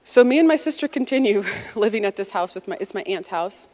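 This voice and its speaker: A woman in her forties from the United States, telling a personal story to an audience in a lively, conversational way and acting out the quotes. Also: medium pitch, brisk.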